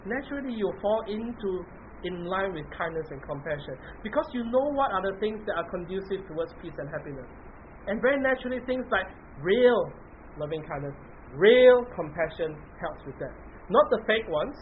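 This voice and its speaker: A man with a high voice teaches Buddhist practice in an easygoing, conversational way, checking in with his listeners and circling back over his words. The sound is thin and phone-like, with a faint hiss underneath. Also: lively intonation, brisk. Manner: conversational, often checks in with "right?". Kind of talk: dharma talk to a group.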